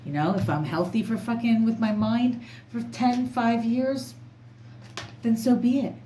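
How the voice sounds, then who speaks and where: A woman's voice: a little high, fairly even intonation, a little slow, dark tone. A woman tarot reader talking casually to camera in an emphatic, rambling, outspoken way. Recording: echoey room, faint background noise.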